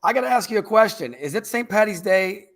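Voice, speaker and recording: A man hosts a live podcast in a slightly high voice. He is upbeat and jokey, and he leans on his words for emphasis. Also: lively intonation, brisk, creaky, a bit bright. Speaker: podcast host. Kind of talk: casual podcast hosting.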